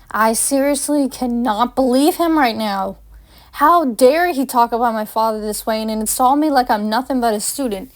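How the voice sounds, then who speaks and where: A woman's voice: on the high side, normal speed. A woman reading her own first-person fan story aloud, with small slips and restarts. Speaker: fanfiction reader.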